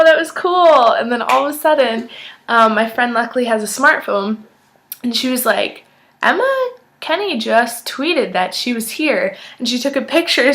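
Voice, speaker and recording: A woman of nineteen telling an excited, chatty story, full of "like" and acted-out quotes. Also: on the high side. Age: young adult. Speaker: vlogger. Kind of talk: casual storytelling.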